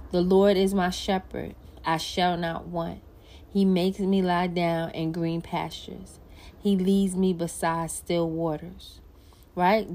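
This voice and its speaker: Woman, podcast host, faith talk, scripture reading, casual slang, middle-pitched voice. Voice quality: animated, conversational preaching with slang.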